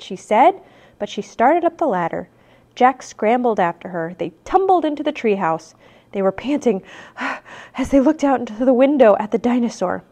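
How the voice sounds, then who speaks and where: Woman reading a children's book aloud, expressive, lively, high-ish voice. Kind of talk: storybook read-aloud.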